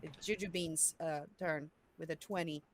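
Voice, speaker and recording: A woman's voice: deep voice, fairly even intonation, moderate pace, slight background noise. A woman playing a tabletop game over a video call, chatty and explaining her moves. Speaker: player.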